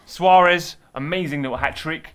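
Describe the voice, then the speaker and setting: A young man co-hosting a casual football chat show, jokey and quick to laugh. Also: a little high, clean tone. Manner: excitable, jokey, laughs often. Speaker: co-host. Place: studio in London.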